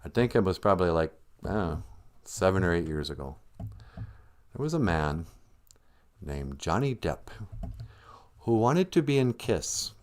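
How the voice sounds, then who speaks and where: A man with a lowish voice hosting a livestream and telling a comedic story as he makes it up. His delivery is rambling and playful. His pitch swings widely as he jumps between narration and goofy character voices. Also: sing-song, unhurried, pauses often. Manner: rambling, jokey, slips into silly voices for characters. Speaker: livestream host.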